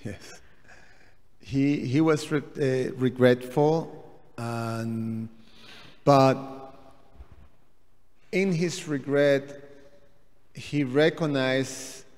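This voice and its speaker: A man adding a halting comment during a devotional class, pausing and restarting often. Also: medium pitch, darkish tone, in a large hall. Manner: halting, many fillers and restarts. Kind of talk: hesitant spoken comment. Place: temple hall.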